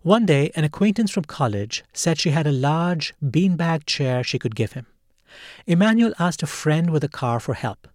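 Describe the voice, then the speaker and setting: A man hosting a podcast, narrating a true story in a calm, measured scripted read. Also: a little high, no room sound, studio quality. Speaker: podcast host.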